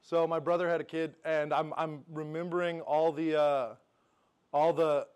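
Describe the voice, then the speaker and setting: A young man, a guest on a casual sports chat on a patio, excitable, stammering and saying "yeah" over and over. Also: a little high, moderate pace, clean tone. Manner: excitable, repeats "yeah" a lot, stammering restarts. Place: outdoor patio.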